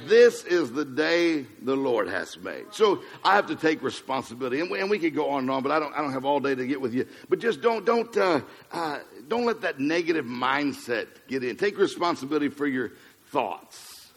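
A man's voice: a little high, expressive, moderate pace, breathy edge. A man preaching a humorous motivational sermon, a joking storyteller who hammers home punchy repeated phrases. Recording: long hall reverb.

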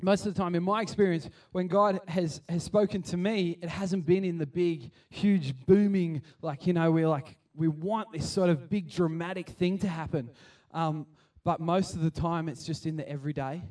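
A man giving a chatty, animated sermon and acting out the scenes he tells. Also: a little high, normal speed, few pauses, far from the mic. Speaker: preacher. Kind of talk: casual sermon.

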